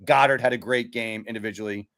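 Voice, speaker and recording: A man co-hosting a casual postgame sports chat, talking in a measured way with frequent ums as he picks his words. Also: medium pitch, steady tone, a bit bright. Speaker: sports podcast co-host.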